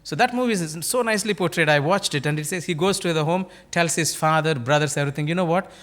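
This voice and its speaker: A man's voice: on the high side, fast talker, a bit bright. A male pastor with an Indian English accent preaching a sermon, telling stories and acting out their dialogue, often asking the congregation rhetorical questions. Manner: storytelling, acting out dialogue in varied voices.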